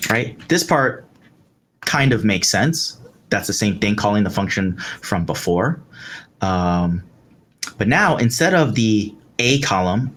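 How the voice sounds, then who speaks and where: A man with a fairly low voice walks through code in a live tutorial, explaining each step as he types. His delivery is loose, with fillers and check-ins. Faint keyboard clicks sit under his voice. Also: fairly bright tone, a little hiss or hum. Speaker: instructor. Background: keyboard typing.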